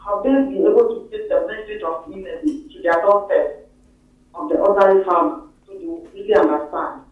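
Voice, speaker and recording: A man's voice: high voice, fairly quick, heavy reverb. A man calling in to a talk show, asking a question hesitantly with many fillers. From Ghana. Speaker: phone-in caller. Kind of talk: call-in question. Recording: muffled phone line from far off.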